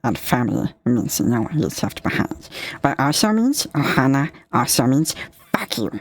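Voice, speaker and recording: A woman voicing a small gruff alien creature, in a low, rough voice. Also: very animated, moderate pace, no echo, heavily acted.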